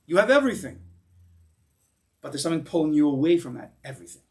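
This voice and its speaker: A man's voice: fast talker, gravelly, far from the mic. A man giving an informal Torah class in a synagogue, telling stories animatedly with many restarts and asides. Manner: animated storyteller, acts out voices with big pitch jumps. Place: synagogue hall.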